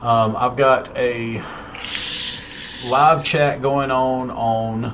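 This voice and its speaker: Man, live-stream host, rambling and halting, clear background noise. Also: mid-range voice, fairly even intonation, muffled recording. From North Carolina, USA. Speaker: show host. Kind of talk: casual live-stream chat. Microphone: desk microphone on a live stream.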